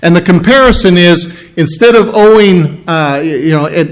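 Throat-clearing preacher man, slightly high voice. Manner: halting, repeats and restarts, frequent throat clearing. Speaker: pastor. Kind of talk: sermon.

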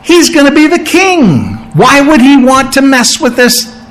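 Indignant, griping townsfolk pile up incredulous complaints in a sharply raised voice, as a preacher puts them on mid-sermon. The questions come one after another, full of scorn and disbelief. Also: male voice, very high voice, sing-song, a little slow, fairly bright tone, pitched above the performer's own voice, heavily acted.

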